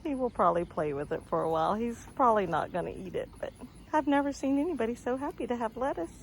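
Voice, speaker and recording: A woman's voice: on the high side, animated, fast, creaky, slight background noise. A woman homesteader casually vlogging outdoors at a chicken coop, chatty and laughing, cooing at her animals. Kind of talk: casual vlog narration.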